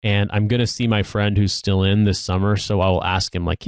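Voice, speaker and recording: A man's voice: fairly low pitch, steady tone, fairly quick, few pauses, smooth, dry recording, clean studio sound. A man in his thirties, an army veteran co-hosting a podcast, telling stories casually with many restarts and trailing asides. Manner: rambling storyteller, frequent restarts.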